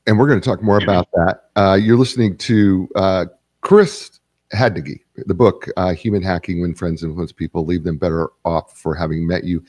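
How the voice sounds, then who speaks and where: Male host, lowish voice, dry close sound, casual filler-heavy delivery. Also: normal speed, dry recording. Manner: relaxed, many filler ums and uhs. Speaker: radio show host. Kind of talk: show host talk with sponsor read.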